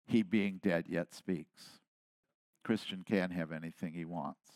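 A man in his seventies delivers a sermon in a low voice at an unhurried pace. He drops to near-whispered asides, then rises to loud, emphatic declarations. The sound is dry and close. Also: no echo. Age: 70s. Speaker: pastor.

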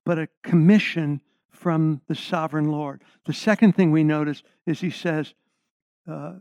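A man's voice: a little high, a little mellow, no room sound. A middle-aged man delivers a sermon in a somewhat raised voice, hitting key words hard and turning often to the congregation with questions. The recording is close and dry, with no room around it, and its sound is a little dull and muffled. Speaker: preacher.

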